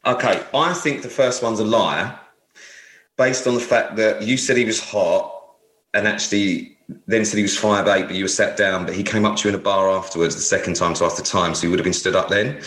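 Teasing man with a low voice. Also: fairly even intonation, brisk, fairly bright tone, echoey room. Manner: teasing, quizzing like a detective. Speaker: podcast co-host. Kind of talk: casual chat.

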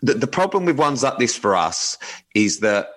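A man's voice: mid-range voice, big pitch swings, normal speed, fairly bright tone. A man co-hosting a podcast, chatting casually and teasingly with frequent ums and restarts. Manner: hesitant, teasing, many fillers. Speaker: podcast co-host. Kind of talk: casual chat.

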